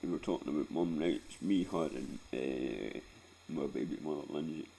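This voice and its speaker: A man's voice: a bass voice, moderate pace, gravelly, mellow, a little hiss or hum. A Scottish man in his forties telling a painful personal story in a rambling, sweary way, close to tears and often tagging on "right?". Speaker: vlogger.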